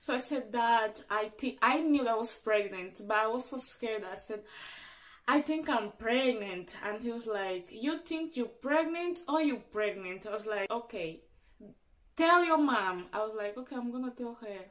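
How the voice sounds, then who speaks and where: A woman's voice: animated, moderate pace. A young woman who is not a native English speaker tells her personal story as a vlogger, chatty and acting out her own past lines. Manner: chatty, acts out her own past lines with big swings in pitch and loudness. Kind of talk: casual storytelling vlog.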